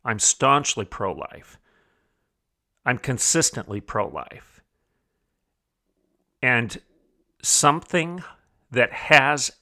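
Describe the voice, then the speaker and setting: This podcast host, a man with a medium-pitched, sharp voice, delivers an opinion commentary monologue on his show. He speaks emphatically, repeating phrases for stress and posing rhetorical questions.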